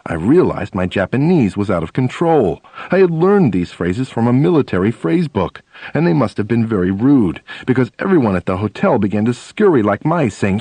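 A man narrating a first-person memoir audiobook, telling stories in an animated way. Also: lowish voice, moderate pace, dry recording. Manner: animated storytelling, acting out dialogue.

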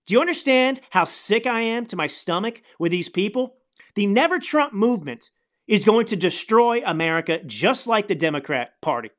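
A man's voice: sits high, very animated, normal speed. A man hosting a political commentary podcast, ranting in a heated, indignant way. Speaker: podcast host.

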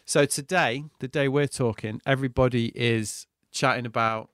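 A man in his thirties, co-hosting a podcast in a relaxed, chatty, self-deprecating way. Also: mid-range voice, normal speed, smooth, dry recording, studio quality. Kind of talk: casual chat.

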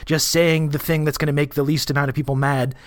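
A man's voice: fairly high pitch, flat delivery, fast, dry recording. A man co-hosting a podcast, talking casually in a wry, rambling way with many restarts. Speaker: podcast co-host.

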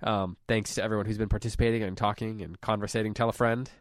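Low-voiced man hosting a podcast. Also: level tone, fast, no echo, studio quality. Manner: rambling, self-correcting, friendly. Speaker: podcast host and teacher. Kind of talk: casual podcast chat.

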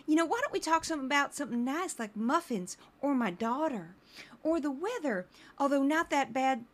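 A woman's voice: sits high, animated, brisk. A woman voicing a chirpy, friendly female morning-TV host who talks in a sweet, folksy, airy way. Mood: sugary.

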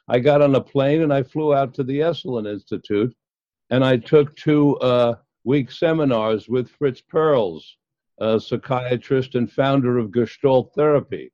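An older man, a psychologist guest, recounting his past in an interview with many pauses and fillers. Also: medium pitch, mellow, no echo. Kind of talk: storytelling in an interview. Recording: dull, dry lo-fi sound.

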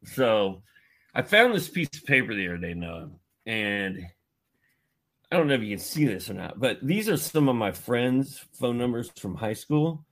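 A man in his fifties from Indianapolis, telling a long story as a podcast guest in a lively, filler-heavy way. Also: on the low side, normal speed. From Indianapolis, United States. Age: 50s. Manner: animated, with many fillers and asides. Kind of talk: casual storytelling.

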